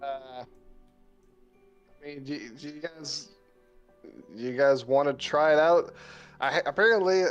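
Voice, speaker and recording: A man's voice: on the high side, takes it slowly, long pauses, smooth, highs cut off, faint music behind. A man playing a tabletop game, speaking hesitantly and trailing off with fillers. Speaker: player. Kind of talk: casual tabletop game chat.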